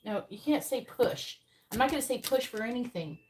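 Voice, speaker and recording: A woman's voice: a little high, lively intonation, fairly quick, a little mellow, slight background noise, low-quality recording. A woman doing a live-stream tarot reading, talking bluntly and swearing often as she explains how to word questions. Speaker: psychic tarot reader.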